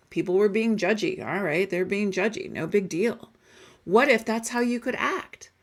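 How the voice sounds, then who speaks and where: A woman coach giving a conversational, emphatic sales pitch, telling a personal story and briefly acting out the voices she quotes. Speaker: life coach selling guided audios.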